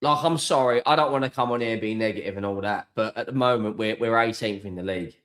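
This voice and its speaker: A man's voice: lowish voice, quick pace, a bit bright. A man hosting a live football watchalong stream, ranting in exasperation and swearing freely.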